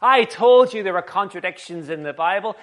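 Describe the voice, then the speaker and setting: A preacher voicing a smug doubter who mocks the scriptures. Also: male voice, sits high, expressive, brisk. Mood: gloating. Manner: gloating, scornful. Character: smug male doubter mocking the Bible.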